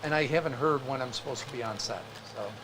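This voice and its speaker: A man's voice: medium pitch, quick pace, background noise. A man from the Chicago area with a faint Chicago accent, co-hosting a craft livestream and telling a story in casual chat. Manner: chatty, animated storyteller with restarts.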